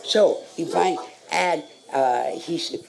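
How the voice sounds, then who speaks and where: An older woman with a gravelly, worn voice tells a story on a club stage, drawing it out slowly. She wanders and stalls, reaching for names with strings of fillers before she picks the thread back up. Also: low-pitched, very noisy. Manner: rambling, halting, loses her words with many fillers. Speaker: guest performer telling a story on stage. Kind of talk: live on-stage anecdote.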